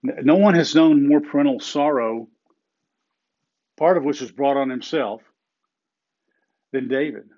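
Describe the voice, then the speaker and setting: A middle-aged man preaching a sermon in an earnest way, slowing down and repeating phrases for emphasis. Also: medium pitch, a little mellow, muffled recording. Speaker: pastor.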